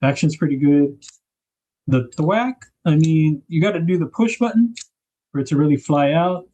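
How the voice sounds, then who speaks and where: A man's voice: fairly high pitch, lively intonation, moderate pace, warm tone, poor audio. A man hosting a knife livestream, chatting casually and rambling as he unboxes gear. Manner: laid-back, rambling, thinks aloud with fillers.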